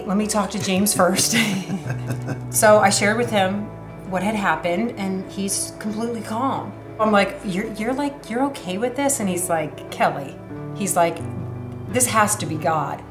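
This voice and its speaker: A woman's voice: on the low side, roomy sound. A woman in her thirties telling her personal faith story in an interview, earnest and emotional, with many fillers. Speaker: church member sharing her testimony.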